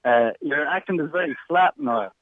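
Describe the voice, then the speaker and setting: A man's voice: fairly high pitch, normal speed, no room sound. Condescending South Dublin man on a phone line. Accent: South Dublin Irish. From Ireland. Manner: blunt, condescending, crude. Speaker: caller. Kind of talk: heated radio phone-in argument.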